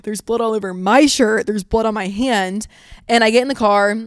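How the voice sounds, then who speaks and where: Young female podcast host, casual storyteller, profane and giggly, mid-pitched voice. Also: normal speed, clear, resonant tone, dry recording, clean studio sound. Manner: swears freely, lots of "like"; animated, laughs while telling.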